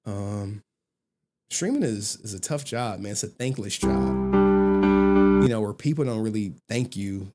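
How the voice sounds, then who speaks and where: A young adult man hosting a casual livestream, telling stories and laughing often. He swears freely. His pitch moves a lot as he talks. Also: measured pace, long pauses, loud music behind the voice. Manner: laughing, profane, animated storytelling. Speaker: livestream host.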